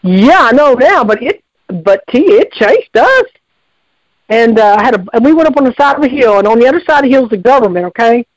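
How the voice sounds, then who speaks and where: A woman's voice: a little high, sing-song, brisk, no echo, muffled recording. Rambling woman on a call-in line. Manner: rambling, colloquial, with many restarts. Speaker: caller. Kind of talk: call-in storytelling.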